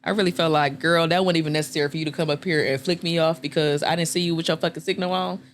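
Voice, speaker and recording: A woman's voice: racing, a little hiss or hum. A woman hosting a podcast, telling stories in casual chat with profanity and acted-out quotes. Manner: animated, profane, acts out quotes in a jumping pitch. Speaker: podcast host.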